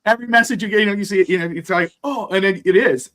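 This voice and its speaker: Guy cohosting a podcast, bright kinda high voice, rambly and emotional, swears a lot. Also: rapid-fire. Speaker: podcast co-host. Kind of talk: casual chat.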